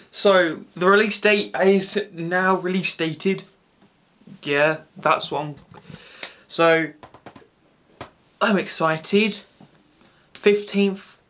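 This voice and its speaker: Excitable man reacting to a trailer. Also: sits high, a little hiss or hum. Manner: excitable and gushing, with quick asides and restarts. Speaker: reaction video host. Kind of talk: casual reaction chat.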